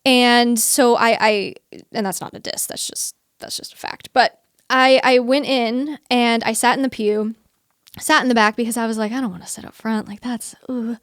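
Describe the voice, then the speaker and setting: A woman's voice: fairly high pitch, steady tone, normal speed, clear, resonant tone, no echo, clean studio sound. A young woman as an interview guest, telling a personal story in an earnest, chatty way, often quoting her own thoughts and laughing.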